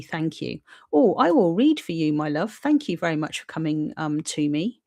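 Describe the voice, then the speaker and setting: A woman's voice: lowish voice, sing-song, normal speed. A woman hosting a live-streamed psychic reading, talking in a chatty, reassuring, rambling way, with lots of fillers and frequent "okay?" check-ins. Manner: filler-heavy, rambling delivery. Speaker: psychic medium host.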